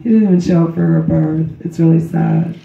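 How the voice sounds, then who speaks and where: A middle-aged woman with a loud voice gives a slow, earnest memorial tribute to her daughter. She speaks religiously and wanders into asides as she recites a poem. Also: low voice, steady tone, creaky, slight background noise. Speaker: grieving mother giving a memorial tribute. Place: memorial gathering in a large room. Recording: echoey hall, distant dull mic.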